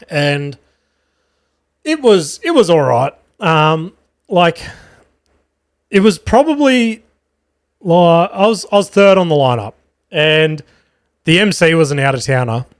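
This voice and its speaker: A man's voice: fairly high pitch, expressive, unhurried, long pauses, smooth, dry recording, studio quality. A young man hosting his own podcast, telling rambling, profane stories in a casual way. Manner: rambling and profane, with frequent fillers and laughter. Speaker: podcast host and stand-up comedian. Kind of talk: casual storytelling monologue.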